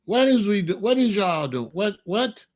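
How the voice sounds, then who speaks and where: A young man delivers a heated monologue to camera, sounding incredulous and exasperated. He scolds and fires off disbelieving questions in a voice that sits a little on the high side. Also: big pitch swings, normal speed. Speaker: commentator. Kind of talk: ranting commentary to camera.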